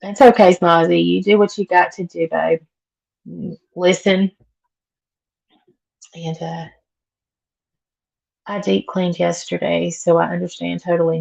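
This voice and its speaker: A woman's voice: on the low side, flat delivery, a little slow, creaky, long pauses, a little mellow, poor audio. A woman hosting a casual livestream from home while she cleans. She chats with viewers, answers their comments and laughs often, and her voice is worn from being sick. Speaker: livestream host. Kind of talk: casual live chat.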